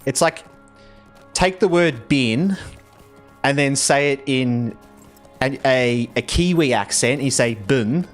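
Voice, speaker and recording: An Australian man casually chatting on a game livestream, reading viewer messages and verse aloud in an expressive, giggly way. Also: medium pitch, slow, long pauses, soft background music. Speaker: game streamer.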